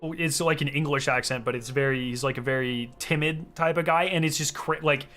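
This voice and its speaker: An excitable young male streamer chatting casually with his viewers as he plays, rambling and full of fillers. His voice sits a little high and rings bright and forceful. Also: fairly quick, soft background music. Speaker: game streamer. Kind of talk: casual chat while playing.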